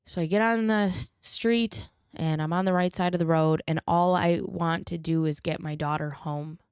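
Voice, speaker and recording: Woman podcast host, personal storytelling, low-pitched and clean-voiced, dry close sound, earnest emotional delivery. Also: steady tone, moderate pace, a little mellow, clear, resonant tone, dry recording.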